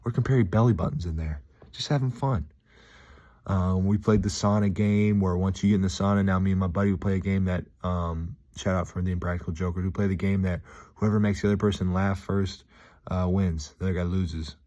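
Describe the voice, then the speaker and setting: Deep-voiced man musing casually. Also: fairly even intonation, warm tone. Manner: rambling and upbeat, with frequent "um" pauses. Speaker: vlogger. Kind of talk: casual reflective monologue. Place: gym.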